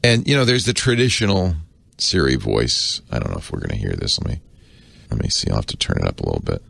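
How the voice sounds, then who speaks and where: A man's voice: a bass voice, animated, fast, gravelly, a bit bright, husky. A middle-aged man, co-hosting a podcast in a chatty, self-correcting way with laughing asides. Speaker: podcast co-host. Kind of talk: casual explaining chat.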